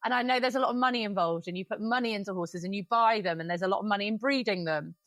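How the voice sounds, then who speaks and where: Candid, quick-venting woman. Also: medium pitch, fairly bright tone, dry recording. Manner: candid, rapid venting, swears freely. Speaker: podcast host. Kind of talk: casual podcast chat.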